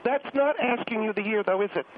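A man's voice: sits high, a little fast, voice pushed up, lightly acted. A man voicing a prickly, haughty middle-aged woman who calls in to a radio show and talks down to the host. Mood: offended. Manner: indignant, huffy and condescending. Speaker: radio guest on the phone. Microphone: telephone. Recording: tinny phone line, faint hiss.

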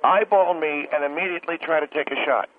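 Man playing a high-voiced, stammering, excuse-making grocer in a hairpiece; tinny phone line; comedy radio. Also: fast, close to an everyday voice. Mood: defensive. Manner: stammering, self-justifying. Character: short wealthy male grocery owner in a hairpiece, defensive and leering. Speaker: store owner on a call-in show.

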